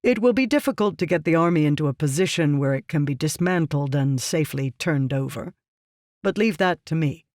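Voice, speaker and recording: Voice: mid-range voice, animated, a little fast, a little mellow, no echo, clean studio sound, close to an everyday voice. An audiobook reader voicing a ruthless, scheming merchant man who talks down to others in a curt, lecturing way. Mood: cold. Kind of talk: audiobook character reading.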